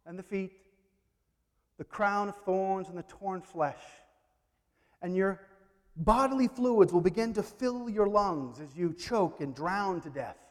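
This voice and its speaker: A man voicing a cruel, mocking male devil who tempts in hushed tones and then taunts. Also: high-pitched, in a large hall.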